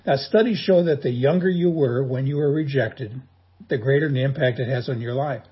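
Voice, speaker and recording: A man's voice: mid-range voice, moderate pace, slightly rough, muffled recording. A man preaching a sermon as a pastor, in a folksy, humorous storytelling manner.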